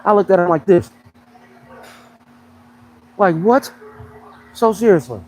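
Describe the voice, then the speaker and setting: A man's voice: high voice, lively intonation, takes it slowly, darkish tone, a little hiss or hum, rough recording. A young man who coaches fitness, chatting on a casual livestream in a joking, slangy way. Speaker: fitness coach and pro bodybuilder.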